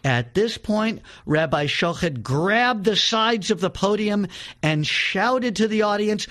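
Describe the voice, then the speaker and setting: Man, talk show host, somewhat high-pitched, earnest emphatic reading, casual asides with fillers. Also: lively intonation, slow pace, a bit bright. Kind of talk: reading a testimony aloud on a religious talk show.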